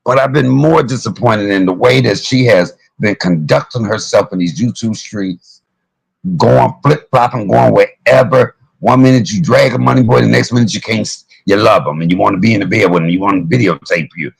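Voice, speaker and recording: A man hosting a livestream, telling stories in an animated and profane way. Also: on the low side, moderate pace, creaky, slightly rough, no echo, poor audio. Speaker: livestream host. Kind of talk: heated live-stream commentary.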